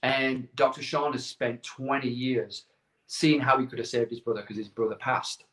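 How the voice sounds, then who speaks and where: A man's voice: medium pitch, normal speed. Middle-aged guy rambling through stories, acts out the other voices, echoey room. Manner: animated anecdotes with quoted dialogue, repeats words. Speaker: guest. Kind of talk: casual storytelling interview.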